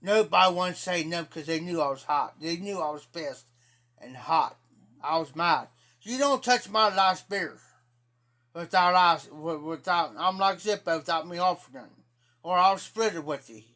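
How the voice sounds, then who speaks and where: High-voiced rambling Ohio man. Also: moderate pace, bright, forceful tone. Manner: rambling, profane, repeats himself. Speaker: live streamer. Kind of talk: casual storytelling to live chat.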